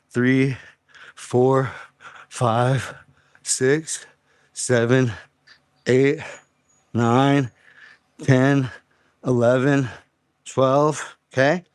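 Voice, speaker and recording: A man's voice: medium pitch, clear, resonant tone, no room sound, clean studio sound. Man coaching a home workout live. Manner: encouraging, counts reps aloud. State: slightly out of breath. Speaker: fitness host.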